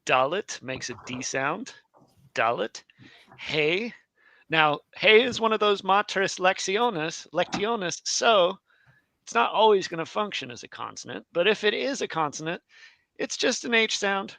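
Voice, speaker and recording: A man co-teaching a live alphabet lesson, talking slowly and unhurriedly. His voice is bright and forward, and the sound is dry and close. He is chatty, laughs easily and corrects himself often. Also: sits high, animated, vocal fry, no echo. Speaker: Hebrew class co-teacher.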